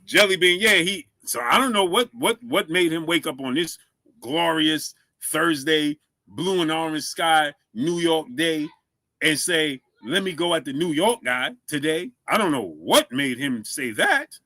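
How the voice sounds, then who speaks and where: Bright-voiced man hosting a casual live stream. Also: a little high, animated, a little slow, no echo. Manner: shouts out viewers, asks for likes; stumbles over words, repeats himself.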